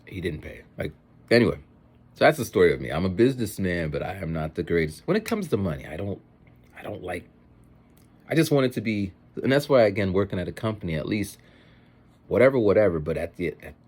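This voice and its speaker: At home over a meal, a man with children rambles through stories in a casual vlog monologue, animated and imitating other people's voices when quoting them. His voice is low, husky, and brisk.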